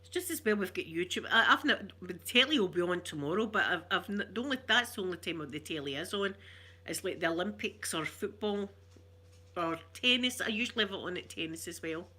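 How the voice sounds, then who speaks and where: A woman with a Glaswegian Scottish accent chatting casually, a rambling storyteller who laughs often and slips into soft asides. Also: on the low side, lively intonation, a little fast, breathy edge. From Glasgow, Scotland. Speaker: ASMR vlogger. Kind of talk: casual chat.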